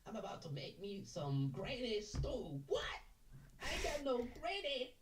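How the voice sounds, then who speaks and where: A man putting on a high drawling Cajun fox. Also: huge pitch swings, unhurried, echoey room, far from the mic, background noise, full character voice. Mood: scheming. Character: sly male Cajun fox villain from a cartoon.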